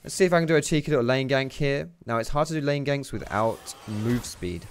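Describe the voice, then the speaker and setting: A young man giving casual, excitable gameplay commentary, chatty and swearing freely. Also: medium pitch, fairly quick, a little hiss or hum. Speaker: gaming YouTuber.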